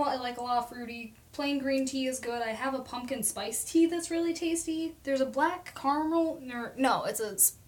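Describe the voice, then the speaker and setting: A young woman from Oklahoma hosting a casual live stream at home, talking fast and rambling chattily. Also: on the high side. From Oklahoma, USA. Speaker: livestream host. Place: at home at her desk.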